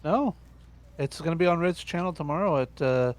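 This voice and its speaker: Slightly high-voiced man giving updates. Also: normal speed, a little mellow. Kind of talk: casual chat.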